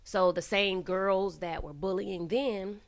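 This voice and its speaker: A woman's voice: medium pitch, takes it slowly. A middle-aged woman co-hosting a casual radio talk show, speaking in a chatty, candid way. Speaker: co-host. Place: radio studio.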